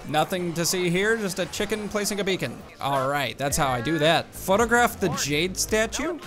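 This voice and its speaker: A man's voice: high-pitched, lively intonation, normal speed. A man hosting a gaming channel, giving casual, jokey gameplay commentary and often saying "dude". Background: game music.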